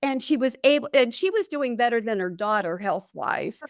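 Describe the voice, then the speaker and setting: A woman's voice: a little high, expressive, moderate pace, no echo, clean studio sound. A woman hosting a caregiving podcast, earnestly explaining with client stories and statistics. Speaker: podcast host, nurse. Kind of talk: interview conversation.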